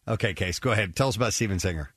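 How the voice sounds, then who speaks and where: A man's voice: lowish voice, racing, fairly bright tone, husky, no room sound. Dry-sounding male radio host. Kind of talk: casual radio banter. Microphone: studio microphone with headphones.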